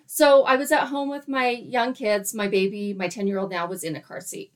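Animated woman telling a story. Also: medium pitch, normal speed. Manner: animated, laughing often, acts out her own quotes. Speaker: guest storyteller. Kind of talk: casual storytelling chat.

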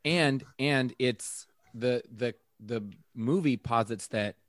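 Guy cohosting a podcast, mid voice, quick yeahs and halting starts, dry close mic. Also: mid-range voice, no echo. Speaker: podcast co-host. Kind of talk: casual chat.

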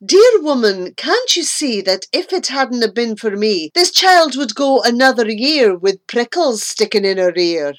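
A woman voicing a gleeful, greedy male dentist in a storybook poem, exclaiming loudly. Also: fairly high pitch, sing-song, a little slow, hardly any pauses.

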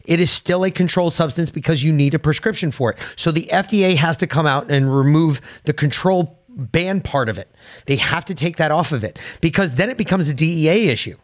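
Male podcast co-host, blunt and profane, argues his point, voice sits a bit high. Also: a little fast. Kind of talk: political podcast chat.

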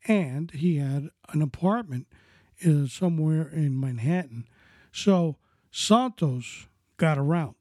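A man's voice: a little high, warm tone, no echo, clean studio sound. A man narrating crime history in a casual, speculative storytelling way, with frequent conversational asides.

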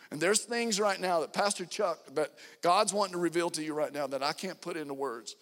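Fervent pastor preaching in a reverberant hall. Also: male voice, a little high, fairly quick, few pauses. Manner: preaching with fervent emphasis, rising loud on key lines. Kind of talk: sermon. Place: church sanctuary.

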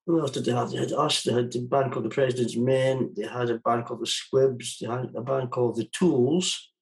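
A man's voice: medium pitch, fairly even intonation, a little fast, gravelly, low-quality recording. A man being interviewed as a musician guest, talking casually and rambling with many restarts.

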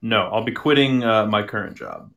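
A man's voice: fairly low pitch, sing-song, normal speed, creaky, fairly bright tone. A man talking as a podcast guest in a casual chat, matter-of-fact and often restarting his sentences.

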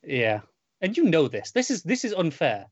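A man playing a trivia game on a podcast, defensive and quick to protest. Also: fairly high pitch, wildly swooping pitch, no echo. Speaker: quiz contestant. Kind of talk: casual podcast chat. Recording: dry, dull lo-fi audio.

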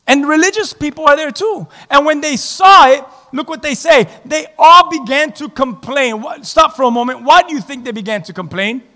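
Man, pastor, very high voice, animated sermon with jokes, shouted emphasis, echoing church reverb. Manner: animated preaching with joking asides and shouted emphasis. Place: church sanctuary. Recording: long hall reverb.

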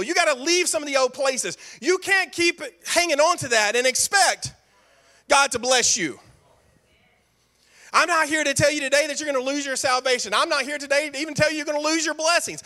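Brief: male pastor, emphatic repeating preacher with jokey asides, high bright voice. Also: fairly quick. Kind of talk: sermon.

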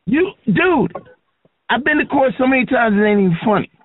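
A man's voice: very high-pitched, expressive, fairly quick, over a noisy crowd. A man arguing bluntly in a casual, lecturing way. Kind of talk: casual argument. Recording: phone-like dry audio.

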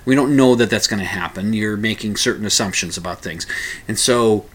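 A man's voice: on the low side, brisk, fairly bright tone, breathy edge. A man hosting a casual spoken monologue, rambling with many restarts and small chuckles.

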